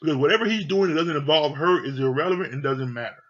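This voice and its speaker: A man's voice: fairly high pitch, fast, fairly bright tone. A man giving a casual, heated review of a reality TV show, talking bluntly and swearing freely. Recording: dull lo-fi sound.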